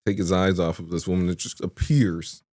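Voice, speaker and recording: A man's voice: low-pitched, fairly even intonation, normal speed, warm tone, dry recording, clean studio sound. A man co-hosting a podcast, rambling through a movie review with tangents and frequent laughter. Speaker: podcast co-host. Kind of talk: casual chat, movie review.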